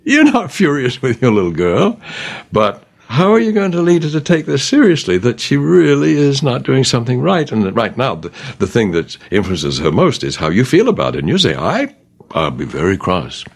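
An older man from England, an author and teacher, leading a gentle conversational Bible discussion. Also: medium pitch, very animated, a little fast, gravelly.

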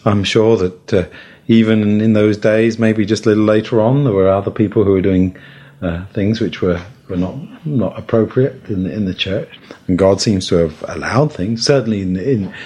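A man's voice: lowish voice, moderate pace, warm tone, slightly rough. A man taking part in a Bible study discussion, speaking hesitantly with many fillers and restarts. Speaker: discussion participant.

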